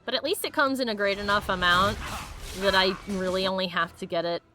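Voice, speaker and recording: A woman's voice: mid-range voice, fairly quick, music in the background. A woman streaming a video game, chatting casually and swearing at enemies between laughs. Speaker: let's play streamer. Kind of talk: casual gameplay commentary.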